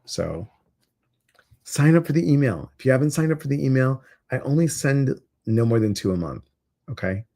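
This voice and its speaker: A man with a Chicago accent hosting a casual livestream, upbeat and excitable as he talks straight to his viewers. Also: mid-range voice, normal speed, gravelly. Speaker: livestream community host.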